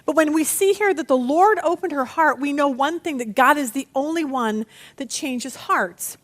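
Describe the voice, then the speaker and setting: High-voiced woman teaching a Bible lesson. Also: moderate pace. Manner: animated teaching with dramatic read-aloud voices.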